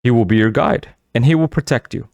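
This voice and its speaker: A man's voice: mid-range voice, a little fast, vocal fry, a little mellow, no room sound, clean studio sound, voice pushed up, lightly acted. A man voicing a stern, mysterious woman of the forest who gives solemn commands in an audiobook. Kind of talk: audiobook character voice.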